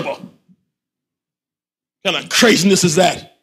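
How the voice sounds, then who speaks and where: A man preaching a Friday sermon, swinging from soft asides to shouted rhetorical questions with slangy phrasing. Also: very high-pitched, very animated, unhurried, long pauses. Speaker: imam.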